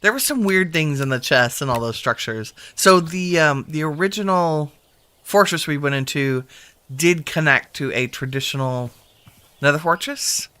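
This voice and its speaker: A man's voice: a little high, moderate pace, pushed and bright, no room sound. A man giving casual gameplay commentary as a video host, chatting and thinking aloud to himself while he sorts things.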